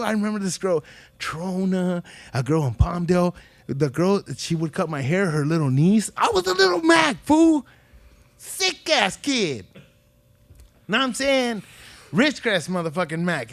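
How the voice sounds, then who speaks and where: A man's voice: high voice, very animated, moderate pace, gravelly, no echo. Profane, storytelling man on a podcast. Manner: loose, profane storytelling with acted-out quotes. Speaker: podcast host. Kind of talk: casual chat.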